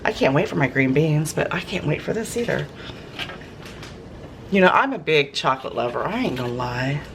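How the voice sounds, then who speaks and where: A woman's voice: sits low, expressive, moderate pace, a bit bright, a little hiss or hum, poor audio. A woman chatting casually to camera in her home kitchen, folksy and gushing over fresh food. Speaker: home cooking vlogger. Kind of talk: casual cooking chat to camera. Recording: kitchen clatter of pots and dishes.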